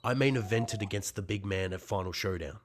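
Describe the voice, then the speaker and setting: A man talking as a wrestler guest in fiery promo style, profane and intense, swinging between shouting and quiet, heartfelt passages. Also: fairly low pitch, fairly quick, a little hiss or hum.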